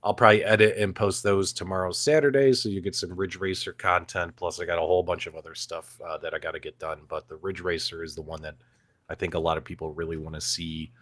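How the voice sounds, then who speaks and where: A man co-hosting a casual live stream, talking in a relaxed, rambling way and slipping into animated voices when he quotes people. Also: low voice, fast talker, no echo. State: recovering from being sick. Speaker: co-host. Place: Arizona.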